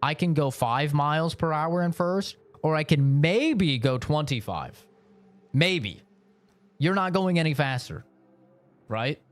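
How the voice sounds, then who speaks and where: A man's voice: a little high, animated, takes it slowly. A young man streaming, telling a story in casual, rambling talk full of slang and laughs.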